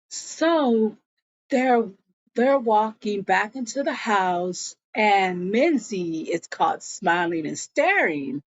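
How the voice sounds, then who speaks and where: Slow-talking woman recapping a show. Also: mid-range voice, animated, no echo, dull audio. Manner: chatty, gossipy storytelling. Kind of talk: casual episode recap.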